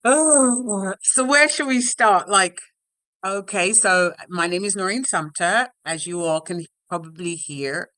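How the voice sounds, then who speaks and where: Chatty woman with a bright voice. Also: mid-range voice, slow, no room sound. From London, England. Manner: chatty, frequent "right?" and "you know" tags. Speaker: life coach guest. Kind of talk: casual interview chat. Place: home office.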